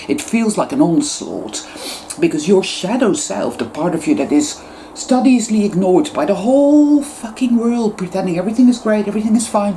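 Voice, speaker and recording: A woman's voice: mid-range voice, expressive, moderate pace, warm tone, a little hiss or hum. A woman YouTuber giving an impassioned spiritual monologue, swearing heavily and repeating words for emphasis.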